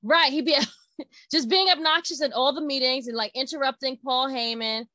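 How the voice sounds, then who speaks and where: Female co-host, casual chat, slightly high voice, dry recording. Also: moderate pace, sharp tone, no echo. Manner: chatty, full of "like" fillers, confused and emphatic. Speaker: wrestling show co-host.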